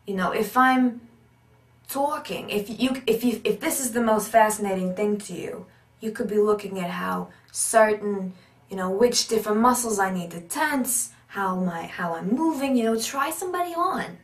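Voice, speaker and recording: A woman teaching about accents and voice work in an animated, emphatic way, repeating her key points. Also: mid-range voice, normal speed, distant mic. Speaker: acting and accent coach. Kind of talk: instructional talk. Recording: roomy echo, speaker off-mic.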